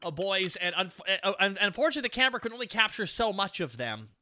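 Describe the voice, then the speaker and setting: A man's voice: sits high, very animated, quick pace, bright, forceful tone, a little hiss or hum. A man hosting a casual livestream, stammering and rambling in a playful way as he welcomes his guests. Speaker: stream host.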